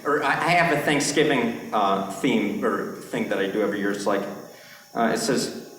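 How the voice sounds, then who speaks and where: A young man doing a rambling stand-up set on a club stage, halting often with fillers and giggles. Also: fairly low pitch, fairly bright tone, a little hiss or hum. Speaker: stand-up comedian. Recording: echoey club room.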